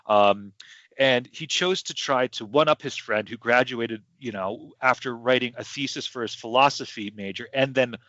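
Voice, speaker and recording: A man's voice: medium pitch, normal speed, sharp tone, no room sound. A man hosting a podcast in casual chat, rambling and hesitant with many restarts. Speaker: podcast host. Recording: dull lo-fi sound.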